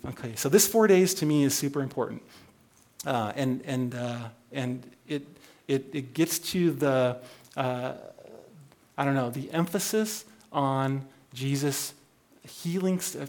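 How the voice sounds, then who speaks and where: A man teaches scripture in a loose, conversational way, pausing often and restarting his sentences. His voice sits in an ordinary middle pitch. He comes across as informal rather than preachy. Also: a little mellow. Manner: halting, many fillers and restarts, conversational. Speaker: Bible study teacher.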